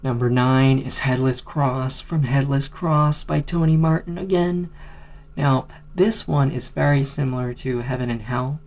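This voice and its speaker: A man casually ranking favourite songs in a rambling vlog, keeping his voice down, swearing and filling pauses with ums. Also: mid-range voice, a little mellow. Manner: keeps voice down on purpose. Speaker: music video creator.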